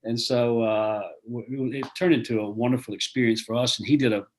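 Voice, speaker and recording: A man's voice: mid-range voice, steady tone, fairly quick. An older man, chatting as a guest author over a video call, rambling with many restarts. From American South.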